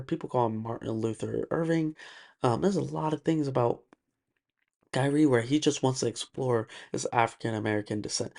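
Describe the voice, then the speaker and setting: A man with a mid-range, creaky voice and darkish tone hosts a solo podcast monologue. He rants emphatically, repeating words and leaning heavily on fillers.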